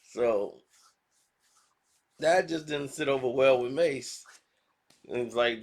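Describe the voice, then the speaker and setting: A man hosting a casual commentary vlog, talking in slangy, animated style and acting out quotes. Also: medium pitch, takes it slowly, long pauses. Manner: animated, slangy, acts out quotes in other voices. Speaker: commentary channel host.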